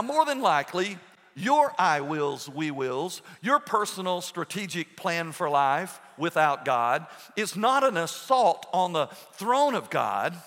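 A man preaching a sermon as pastor, earnest, with pauses and restarts. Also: high voice, a bit bright, big-room sound.

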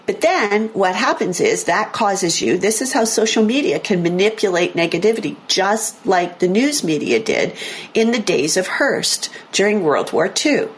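A woman hosting a radio talk show, explaining brain science in a chatty, self-correcting way, her voice a little hoarse. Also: mid-range voice, lively intonation, normal speed. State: slightly hoarse, losing her voice. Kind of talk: casual talk radio chat. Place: radio studio.

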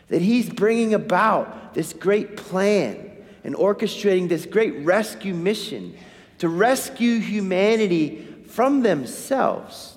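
High-voiced man preaching in a reverberant hall. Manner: animated, asks the congregation questions. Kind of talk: sermon.

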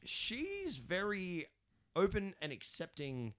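A man with a bright, ringing tone co-hosts a casual film podcast. He rambles through his points and laughs often. His pitch swings widely as he talks. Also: wildly swooping pitch, slow. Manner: rambling, laughs often, loud bursts when quoting. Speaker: podcast co-host.

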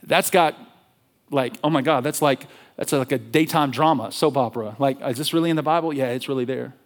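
A male pastor preaching a sermon in an animated, conversational storytelling way. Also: mid-range voice, a little fast.

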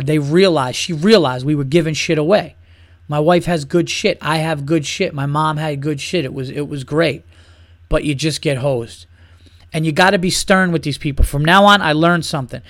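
Guy ranting on his podcast, swears a ton, kinda high voice, dry close sound. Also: normal speed, a bit bright, no room sound. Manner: profane, heated, mocking. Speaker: podcast host. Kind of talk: casual comedic rant.

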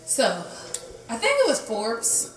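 A woman co-hosting a casual chat, talking in a relaxed way with lots of fillers. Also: fairly high pitch, slow pace. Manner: relaxed, filler-heavy, conversational. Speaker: podcast co-host. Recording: echoey room with faint music.

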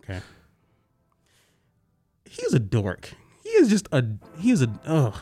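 A man's voice: fairly high pitch, a little slow, soft background music. A young man, co-hosting a podcast and ranting in casual sports banter. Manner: ranting, animated, teasing. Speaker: podcast co-host. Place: podcast studio.

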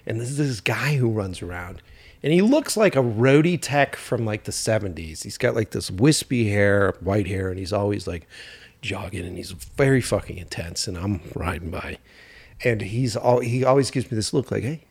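Animated, swearing male podcast host. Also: fairly low pitch, normal speed, husky. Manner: animated storyteller, swears freely, mock-indignant. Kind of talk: casual podcast chat.

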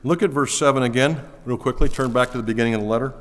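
A man preaching a sermon as pastor, pushing key words up loudly, then falling back low and quiet. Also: racing. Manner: emphatic, rising to stress key words, then dropping low. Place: church auditorium. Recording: long hall reverb.

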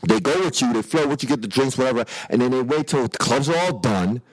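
A man in casual chat, telling a rambling story with lots of swearing, acting out what people said in a louder voice. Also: mid-range voice, fast talker, rough recording. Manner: rambling storyteller, acts out quotes loudly; frequent swearing and restarts.

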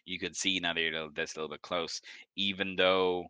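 A man's voice: sits low, flat delivery, brisk, bright, forceful tone, clean tone, no echo. A man narrating as game master of a tabletop game, describing scenes in a rambling way with many fillers.

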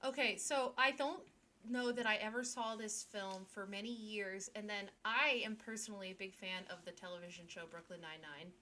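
Giggly bright-voiced woman co-hosting a podcast. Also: mid-range voice, fairly even intonation, normal speed, slight background noise. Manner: giggly, rambling with many restarts. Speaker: podcast co-host. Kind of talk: casual chat.

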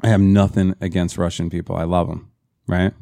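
A man's voice: low-pitched, flat delivery, vocal fry, dark tone, dry recording. A man co-hosting a podcast, joking crudely and laughing often. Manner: profane, joking, quick to laugh. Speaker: podcast co-host. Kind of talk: crude comedic banter.

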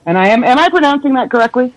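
A woman's voice: high-pitched, very fast, dry recording, low-quality recording. Giggly Canadian woman podcast co-host. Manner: giggly, playful, lively. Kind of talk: casual podcast chat.

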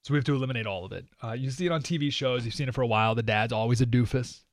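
A man's voice: mid-range voice, rapid-fire, no room sound, clean studio sound. A man hosting a radio talk show, delivering an opinionated monologue in a sarcastic, mocking, emphatic manner. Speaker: radio host.

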